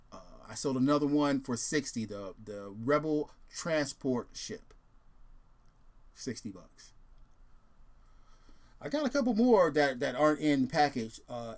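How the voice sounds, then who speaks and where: A man hosting a casual video who talks in a relaxed, rambling way. He fills his speech with ums and restarts. His voice sits at an ordinary middle pitch. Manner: rambling, filler-heavy, laid-back. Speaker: host.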